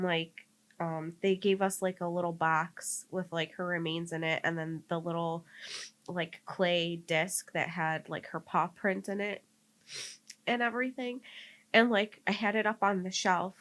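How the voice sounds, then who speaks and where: A woman's voice: lowish voice, fairly bright tone. A young woman co-hosting a podcast, casually telling a personal story and rambling with lots of "like". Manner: rambling, heavy use of "like", laughing and tearing up. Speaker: podcast co-host.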